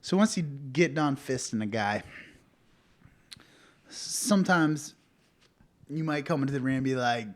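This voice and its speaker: Jokey animated male podcast host. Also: medium pitch, unhurried, pauses often. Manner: jokey, animated, slips into silly voices. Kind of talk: casual comedic banter.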